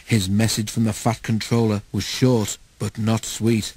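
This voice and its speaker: A man's voice: on the low side, flat delivery, normal speed, few pauses, darkish tone, breathy edge, no room sound, poor audio. Man reading a storybook aloud.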